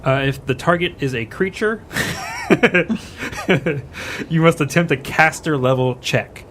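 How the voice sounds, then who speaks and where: A man's voice: a little high, unhurried, a bit bright, a little hiss or hum. A man playing a tabletop game, thinking aloud through the rules with hesitant fillers. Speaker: player.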